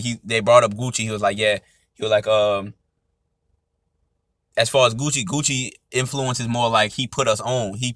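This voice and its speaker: Bright-voiced young Atlanta man talking loosely. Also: fairly low pitch, no room sound, clean studio sound. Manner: loose, conversational, repeats "you know what I'm saying". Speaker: podcast host. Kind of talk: casual solo commentary.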